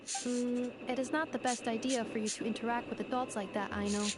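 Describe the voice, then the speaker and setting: A calm, analytical android woman voiced by an actress for a game. She speaks in a measured, precise, formal way with a fairly high voice. A loud noise sits under the game audio. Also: close to an everyday voice. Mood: composed. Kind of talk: video game voice acting.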